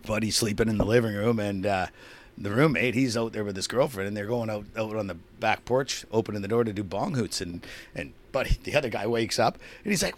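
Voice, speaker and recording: A man telling a long, profane story on a podcast, acting out both sides of a shouting match and laughing often. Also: lowish voice, lively intonation, fast. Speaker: podcast co-host. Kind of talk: casual storytelling chat.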